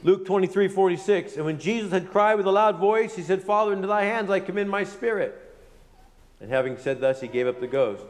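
High-voiced man teaching scripture in a hall. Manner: reads scripture aloud in King James wording, then explains it plainly; unhurried, with frequent "uh" pauses. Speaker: Bible teacher. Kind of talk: verse-by-verse Bible teaching.

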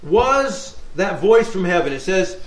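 A man's voice: high-pitched, very animated, unhurried. Man teaching Bible study in echoey hall. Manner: conversational, reads scripture aloud, asks rhetorical questions. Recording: echoey room sound.

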